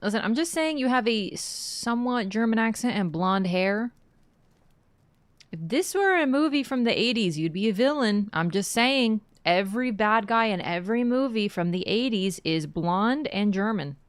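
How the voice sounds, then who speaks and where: A woman's voice: mid-range voice, expressive, normal speed, no echo. A woman streamer commenting on a game with sarcastic, joking asides.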